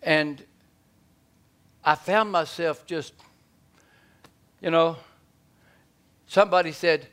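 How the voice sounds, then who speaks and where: A man preaches in a folksy, animated style. His voice sits fairly high for a man. He swings from loud bursts to hushed asides. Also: slow pace, long pauses, smooth. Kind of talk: sermon.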